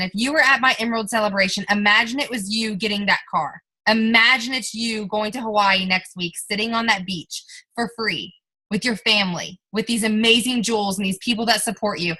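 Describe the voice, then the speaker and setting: A young woman leads a motivational training talk, coaching her listeners in an emphatic, direct way. Her voice is bright and forward, and it sits a little high. She speaks to the group as if they sit right in front of her. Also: rough recording. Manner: emphatic, coaching, addresses listeners as you guys. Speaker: team leader giving a sales training talk.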